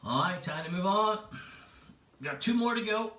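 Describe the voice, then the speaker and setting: A bright-voiced man hosts a home pub quiz, chatty and playful as he repeats each option. His pitch swings widely. He sits back from the mic in an echoey room. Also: animated, normal speed, distant mic. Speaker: quiz host. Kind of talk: livestream pub quiz hosting.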